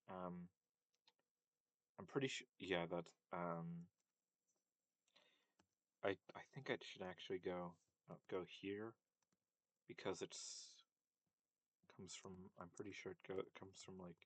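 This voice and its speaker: A man's voice: low voice, unhurried, long pauses. A man giving a casual linguistics lesson, hesitant and full of fillers and self-corrections. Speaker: language teacher.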